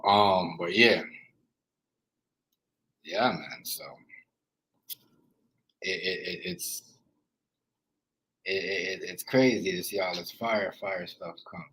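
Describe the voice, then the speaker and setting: A man's voice: sits low, takes it slowly, pauses often, bright, forceful tone, husky, poor audio. A man with a Jamaican accent chatting casually on a live stream, rambling and repeating himself as he greets viewers.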